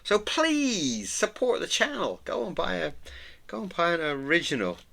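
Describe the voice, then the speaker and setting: A middle-aged man who hosts an art channel, chatting casually while he draws, rambling and sentimental, with soft murmured asides and frequent chuckles. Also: sits high, big pitch swings, normal speed, creaky. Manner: chuckles often. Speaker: artist and channel host. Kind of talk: casual chat while drawing.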